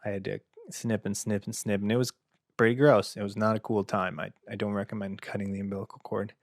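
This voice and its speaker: A young man hosting a podcast, telling a comic story in a deadpan, self-mocking way. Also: lowish voice, fast talker, no echo, studio quality. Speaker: podcast host. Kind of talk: comedic storytelling monologue.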